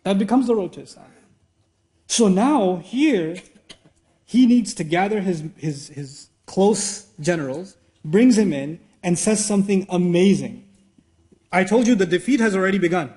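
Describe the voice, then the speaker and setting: A man teaching a religious lecture. He is animated, asks rhetorical questions and acts out bits of dialogue. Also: high-pitched, measured pace. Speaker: Islamic teacher. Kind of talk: lecture sermon.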